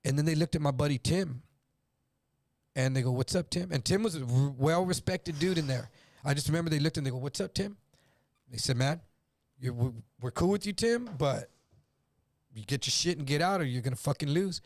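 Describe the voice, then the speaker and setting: A man's voice: on the high side, brisk, darkish tone. A man from El Paso telling a story as a guest, acting out other people's voices and swearing freely. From El Paso, Texas. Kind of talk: casual storytelling on a livestream.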